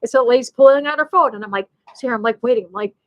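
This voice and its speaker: Racing along in a high-ish voice, a woman hosting a live show rambles through an emotional personal story, restarting often and saying "you know" a lot. The sound is lo-fi.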